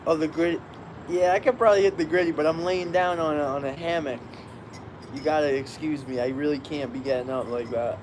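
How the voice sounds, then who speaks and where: A man's voice: a little high, steady tone, brisk, background noise. A man hosting a rambling, upbeat live-stream chat, lying in a hammock on a balcony outdoors. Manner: rambling, upbeat, greets viewers by name.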